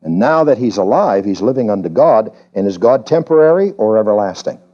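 A man preaching an evening sermon in church, emphatic and questioning the congregation, often climbing high in pitch to stress a point. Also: expressive, fairly quick, muffled recording. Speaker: pastor. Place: church during a service.

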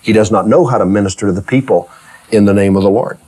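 A man preaching a sermon, reading scripture and acting out its figures in everyday speech, moving from hushed low passages to loud, high exclamations. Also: fast talker, slightly rough.

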